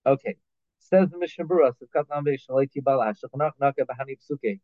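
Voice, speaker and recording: A man's voice: on the high side, fast talker, no echo. Man teaching Talmud law on a tinny line. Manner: reads Hebrew phrases then explains them in English, with restarts and fillers. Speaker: Torah teacher. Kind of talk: halacha class, translating Hebrew text line by line. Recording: tinny phone-like line, dry.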